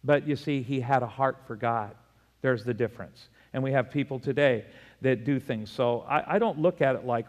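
A pastor delivers an animated sermon in a mid-range male voice, breaking into laughter and leaping up in pitch when he drives a point home. His voice rings with a long reverb, as if in a large church hall. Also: moderate pace. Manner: animated preaching, laughs often, rises sharply in pitch for emphasis.

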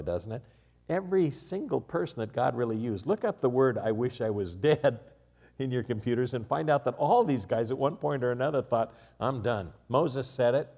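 A male pastor delivering a sermon with lively, swinging delivery. He drops to hushed, confiding asides and then builds to near-shouted emphasis. He laughs lightly at his own jokes. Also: medium pitch.

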